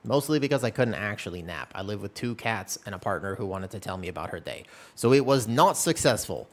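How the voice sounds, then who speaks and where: A man chatting casually on a live game stream from a room at home, in a relaxed, rambling, self-deprecating way. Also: lowish voice, fairly quick. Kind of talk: casual live-stream chat while gaming.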